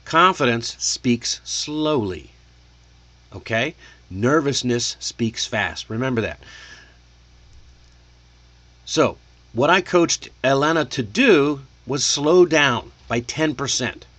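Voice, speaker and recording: A man gives an English speaking lesson from his desk, talking at an unhurried, very slow pace. His pitch sits in an ordinary middle range, and the close mic sound is dry with no room around it. He checks in often and models how sentences should land. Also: lively intonation, fairly bright tone, no echo. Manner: coaching, deliberate, checks in with "okay?"; demonstrates rising and falling intonation.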